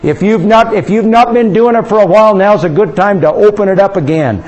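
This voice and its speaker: A man leading a charismatic prayer session, fervent and intimate, coaxing listeners to pray aloud and slipping into soft speaking in tongues. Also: sits high, a little fast, lo-fi sound.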